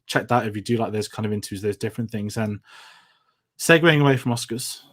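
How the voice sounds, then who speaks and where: A man's voice: on the low side, quick pace, fairly bright tone. A man hosting a film review show, chatting casually and running through upcoming content. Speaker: film review podcast host. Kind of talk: casual chat.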